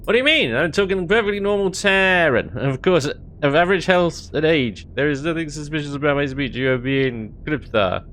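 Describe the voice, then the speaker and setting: A man's voice: on the high side, expressive, normal speed, hardly any pauses, a bit bright, slight background noise, pitched above the performer's own voice. A man voicing a pompous alien commander who pretends to be a human admiral, speaking in a stiff, overly formal way. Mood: defensive. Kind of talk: reading in-game dialogue aloud in a voice.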